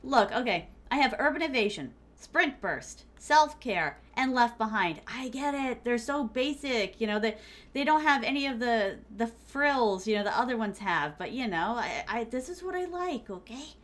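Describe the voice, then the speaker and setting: Her voice is a little high and a bit bright, with lively intonation at a normal speed. As a VTuber on a casual gaming stream, she's chatty and giggly with her viewers, addressing them as "my starlings," dropping Japanese phrases, and filling her talk with words like "like."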